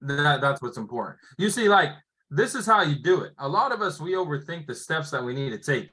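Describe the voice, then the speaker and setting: A man coaching door-to-door sales through role-play, talking in an energetic, upbeat salesy way. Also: a little high, a little fast, rough recording.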